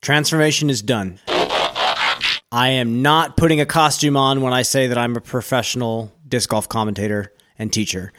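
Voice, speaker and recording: A man in his thirties talks openly about his disc golf career as a podcast guest. His voice sits at an average pitch, and his delivery is candid and conversational. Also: moderate pace, a bit bright. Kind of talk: casual podcast chat.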